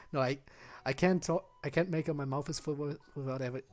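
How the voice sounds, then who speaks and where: A man's voice: a little high, fairly quick, darkish tone, soft background music. A man streaming a visual novel, reading the hero's lines and chatting with a self-mocking, laughing manner. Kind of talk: playing a visual novel aloud.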